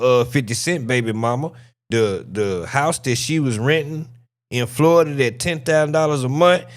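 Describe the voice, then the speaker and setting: A man hosting a live stream, reacting to clips and chatting casually with his audience in a loud, profane, joking way. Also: mid-range voice. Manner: excited, profane, laughing banter with chat.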